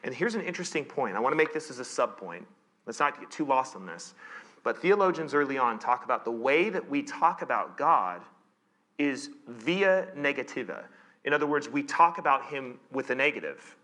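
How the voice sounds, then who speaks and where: Bright-voiced man preaching a chatty sermon. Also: mid-range voice, very animated, normal speed. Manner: chatty, self-correcting, playful asides. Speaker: pastor. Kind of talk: conversational sermon. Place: church.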